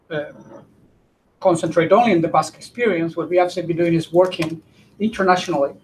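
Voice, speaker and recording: A man with a slightly raised voice presents to a conference audience. He speaks haltingly and often stops mid-sentence to search for the right word. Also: on the high side, darkish tone, slight background noise, rough recording.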